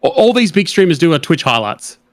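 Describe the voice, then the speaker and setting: A man's voice: a little high, very animated, brisk, dry recording. A man in casual chat making his argument in an opinionated way, swearing heavily.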